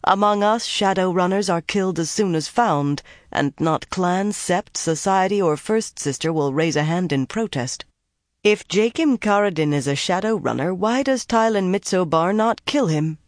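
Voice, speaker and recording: A narrator voicing a proud young warrior woman who speaks bluntly and formally, in a somewhat raised, higher voice, recorded dry. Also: expressive, moderate pace, dry recording, close to an everyday voice. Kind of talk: audiobook character voice.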